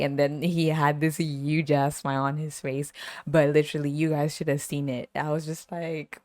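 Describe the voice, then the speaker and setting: Sassy low-voiced woman podcast host. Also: moderate pace, dry recording, studio quality. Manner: sassy, animated, laughs often. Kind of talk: casual storytelling monologue.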